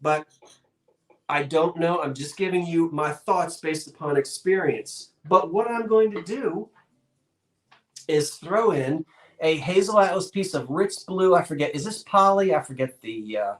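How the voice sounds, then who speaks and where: A man's voice: a little high, lively intonation, unhurried, echoey room. A man hosting a live-streamed online auction, talking in a chatty, folksy way with rambling asides. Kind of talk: live-streamed sale, casual chat.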